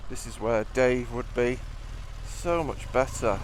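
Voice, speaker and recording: A man's voice: mid-range voice, slow pace. Cheeky, sweary man on a motorbike. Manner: cheeky, sweary, joking to viewers. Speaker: motovlogger. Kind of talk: casual riding commentary. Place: riding a motorbike through city traffic. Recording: loud road and engine noise.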